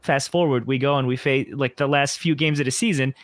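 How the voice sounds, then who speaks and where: A man's voice: medium pitch, fairly even intonation, brisk. An opinionated man giving his views in a casual football chat. His delivery is emphatic. The sound is dry and close, with no room echo. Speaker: podcast co-host.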